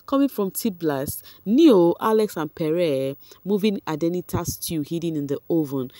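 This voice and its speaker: A Nigerian woman commenting on a reality show in a casual, excitable way, laughing often and talking straight to her viewers. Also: lowish voice, normal speed, hardly any pauses, dry recording.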